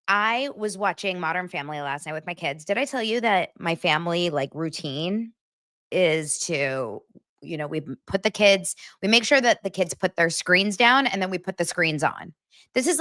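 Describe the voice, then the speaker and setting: A woman's voice: on the low side, fairly bright tone, no echo. Chatty laughing woman host, dry close sound. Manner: chatty, laughs often, reads comments aloud. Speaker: livestream host. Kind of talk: casual chat with live viewers.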